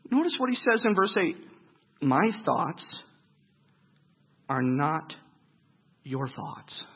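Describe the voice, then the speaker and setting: A man preaching a sermon, asking his listeners questions and answering them, swinging between loud emphasis and hushed, low lines. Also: big pitch swings, slow pace, pauses often, slightly rough, highs cut off.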